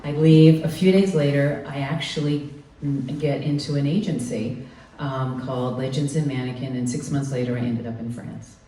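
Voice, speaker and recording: A woman in her twenties tells a story live on stage, her voice very low and mellow. She speaks from a little way off the mic in an echoey room with a faint hiss behind her. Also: normal speed, distant mic. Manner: animated, acts out the people she quotes.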